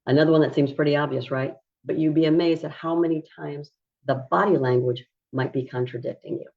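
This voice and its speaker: A woman who coaches parents on autism, explaining behavior strategies in a calm, measured teaching style. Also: deep voice. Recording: dull lo-fi recording.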